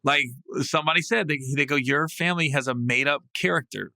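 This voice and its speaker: A man hosting a podcast, telling a comic story in a casual, salty way, often breaking into loud, high laughing bursts. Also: a little fast, creaky, no echo. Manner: animated, swings into loud, high laughing outbursts; salty, casual, swears freely. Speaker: podcast host. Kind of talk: comedic storytelling monologue. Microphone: podcast mic.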